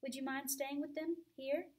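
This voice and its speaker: A woman's voice: high-pitched, fairly even intonation, normal speed, a little mellow, voice pushed up, lightly acted. A woman voicing a distraught mother pleading urgently over her sick child in a storybook reading. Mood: tearful, gentle.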